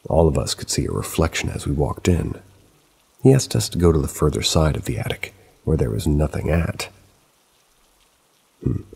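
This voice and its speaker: A man calmly narrating a true paranormal story in a steady storytelling manner. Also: extremely low pitch, normal speed, gravelly, long pauses, husky. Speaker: narrator of submitted paranormal stories.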